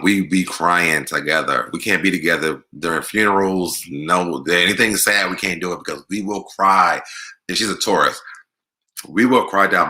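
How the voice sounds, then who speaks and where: A man's voice: low-pitched, pushed and bright. A young man hosting a livestream, reading viewer comments aloud and answering them in a chatty, laughing way. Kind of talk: casual chat.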